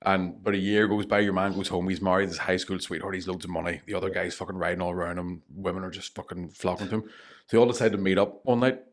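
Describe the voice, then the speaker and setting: A man's voice: sits low, flat delivery, fast. A man with a Northern Irish accent, a comedian telling long jokes in casual chat and swearing freely. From Northern Ireland. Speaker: comedian guest. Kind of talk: casual storytelling.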